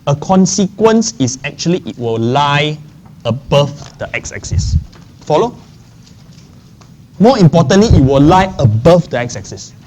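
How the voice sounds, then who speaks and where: A man's voice: on the high side, very animated, unhurried, darkish tone, slight background noise. A man lecturing a maths class. He often checks in with the class and repeats key phrases. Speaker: maths teacher.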